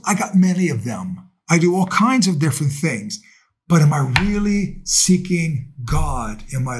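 Priest guy preaching to camera, talky and earnest, bit of a higher voice. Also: slightly rough. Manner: conversational and earnest, with rhetorical questions. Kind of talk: sermon to camera.

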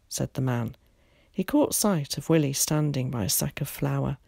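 A woman teacher reading a children's novel aloud in a calm, measured way. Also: very deep voice, creaky, slightly rough, no room sound, clean studio sound. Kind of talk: storybook read-aloud.

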